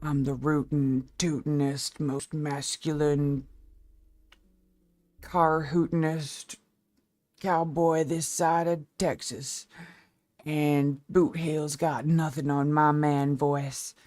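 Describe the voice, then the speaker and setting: A woman voicing a boastful, swaggering cowboy man with a slow, deliberate drawl. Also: sits low, little pitch movement, darkish tone, no echo.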